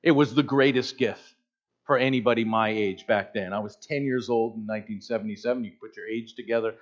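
Animated preacher in his fifties. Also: lowish voice, a little fast. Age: 50s. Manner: animated, conversational, joking asides. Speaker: pastor. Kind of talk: sermon. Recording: slightly dull lo-fi sound.

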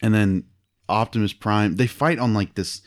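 A man's voice: fairly low pitch, normal speed. A man in casual chat, rambling through a movie recap with lots of fillers and laughter. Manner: rambling, animated retelling with silly voices and laughs.

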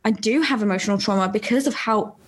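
A young adult woman hosting a podcast, telling a personal story in casual chat, animated and quick to laugh. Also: medium pitch, breathy edge. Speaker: podcast host.

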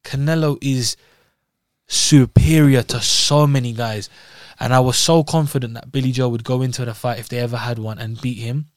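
A man's voice: mid-range voice, fairly even intonation, moderate pace, dry recording. Emphatic London man in a dry room. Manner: emphatic, fan-like. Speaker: podcast co-host. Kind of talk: casual chat.

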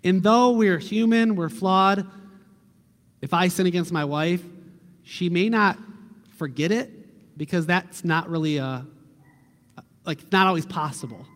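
A middle-aged male pastor with a notably high voice, giving an earnest, conversational sermon. His words carry a long reverb from the church hall around him. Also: unhurried, pauses often. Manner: earnest, conversational preaching with a quiet prayer close.

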